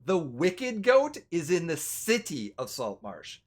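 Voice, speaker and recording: A man's voice: fairly high pitch, takes it slowly. A man playing a tabletop game, asking questions eagerly. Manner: animated, eager. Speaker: player.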